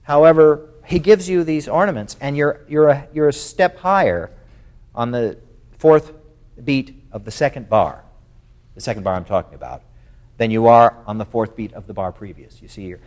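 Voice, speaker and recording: A man's voice: medium pitch, normal speed, long pauses, darkish tone. A man leads a music masterclass, coaching a player. He talks things through with fillers and hesitations, then sings short phrases on nonsense syllables to show how they should go. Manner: thoughtful, with many fillers. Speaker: music clinician.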